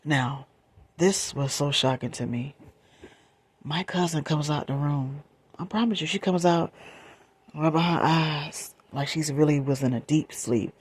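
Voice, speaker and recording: A woman telling a true story in a whispered storytime, moving between soft whispers and her normal voice and repeating phrases for emphasis. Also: deep voice, measured pace, slightly rough.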